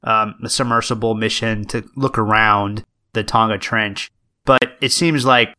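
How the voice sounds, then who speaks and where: A man's voice: on the low side, fairly even intonation, unhurried, pushed and bright. A man co-hosting a podcast, chatting casually and rambling with lots of fillers and restarts. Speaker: podcast co-host. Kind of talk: casual chat.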